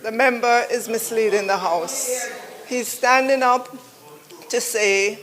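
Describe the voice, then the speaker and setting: A man with a very high voice raising a point of order in parliament. He talks slowly and deliberately. He insists, indignantly, that he is being misrepresented. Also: steady tone, a bit bright, poor audio. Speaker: government minister in parliament.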